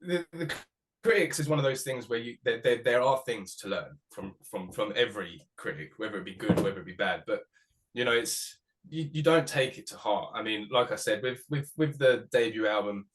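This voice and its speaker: A musician being interviewed, talking casually with many restarts and the odd swear word. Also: male voice, mid-range voice, fairly bright tone. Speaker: musician guest.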